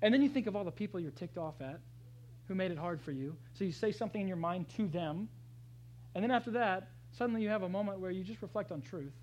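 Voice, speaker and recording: A pastor delivering a conversational sermon, talking straight to the congregation and swinging between loud, emphatic scripture readings and hushed asides. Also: mid-range voice, animated, fast talker, dull audio, slight background noise. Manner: conversational, addresses the congregation directly.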